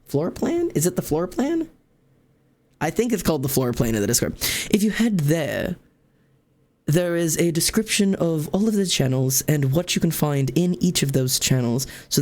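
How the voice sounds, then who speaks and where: A man's voice: medium pitch, darkish tone. A young adult man streaming live from home, chatting casually and rambling jokily with his viewers and his cats.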